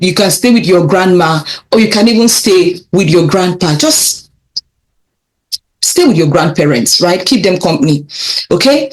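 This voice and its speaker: Slow, encouraging woman teacher. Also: on the low side. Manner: repeats phrases slowly, encouraging, laughs lightly. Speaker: children's language teacher. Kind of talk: slow, clear vocabulary lesson for kids.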